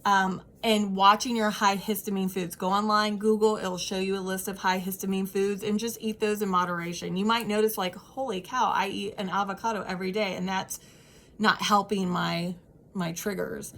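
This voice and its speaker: A woman's voice: medium pitch, level tone, normal speed, a bit bright. A woman in her thirties talking casually to her viewers, earnest and heartfelt, with frequent ums and restarts. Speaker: vlogger sharing personal experience. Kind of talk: casual advice chat to camera.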